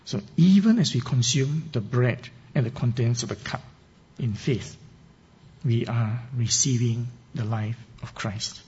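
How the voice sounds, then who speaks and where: A man's voice: medium pitch, a little slow, a little mellow, slightly rough, lo-fi sound. A man preaching a sermon, teaching earnestly and reading scripture with emphasis. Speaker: pastor.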